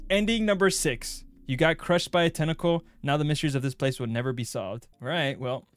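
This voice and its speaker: A young man streaming a game playthrough, joking crudely and bursting into excited yelps. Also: a little high, a little fast, few pauses, over music. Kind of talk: gaming playthrough commentary.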